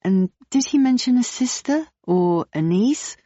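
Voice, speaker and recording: A narrator voicing a nervous, polite young woman asking careful questions, pitched higher than the narration, on a dull, dry recording. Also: expressive, measured pace, warm tone, dry recording. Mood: inquisitive. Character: nervous, inquisitive young woman searching for someone.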